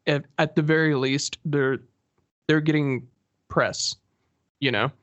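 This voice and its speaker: A man's voice: a little high, steady tone, slow, a bit bright, no echo. A man co-hosting a podcast, talking easily and agreeably with lots of fillers. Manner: easygoing, agreeing, hedging with fillers. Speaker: podcast co-host. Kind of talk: casual chat. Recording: dry, slightly dull lo-fi sound.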